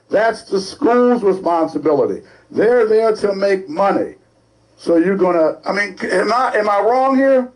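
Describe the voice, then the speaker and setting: Man, talk host, fiery sarcastic rant, slightly high voice. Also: unhurried, low-quality recording. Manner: animated, scolding, sarcastic. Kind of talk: opinionated talk-show rant.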